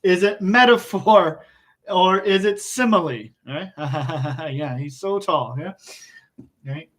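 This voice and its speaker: A male English teacher giving an online class, explaining slowly and patiently and chuckling often. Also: sits high, fairly bright tone.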